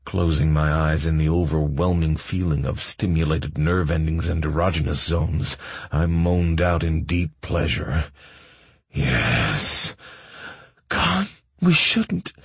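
A young man narrates an audiobook in an extremely deep, gravelly voice with a husky, breathy grain. He reads slowly and evenly. The sound is close and dry, with no room around it. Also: darkish tone, no room sound. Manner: slow, low-key first-person reading.

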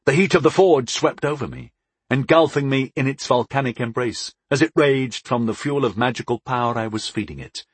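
Husky-voiced male audiobook narrator. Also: medium pitch, normal speed, dry recording. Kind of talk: scripted first-person fantasy narration.

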